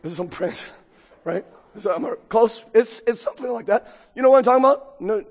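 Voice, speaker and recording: High-voiced husky man preaching. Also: a little fast. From United States. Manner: conversational, joking, keeps asking the crowd "right?". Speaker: pastor. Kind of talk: sermon. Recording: long hall reverb.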